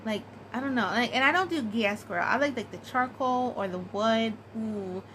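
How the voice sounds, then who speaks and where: A woman's voice: on the high side, normal speed, fairly bright tone, slight background noise, rough recording. A woman chatting casually and giggling, with many fillers, as she answers a tag. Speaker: craft vlogger.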